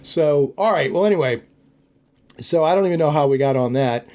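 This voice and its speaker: A middle-aged man hosts a relaxed podcast chat, his voice dark and mellow. He rambles, restarting sentences and circling back with fillers as he talks things over. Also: on the high side, fairly quick. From United States. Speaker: podcast host. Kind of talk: casual chat.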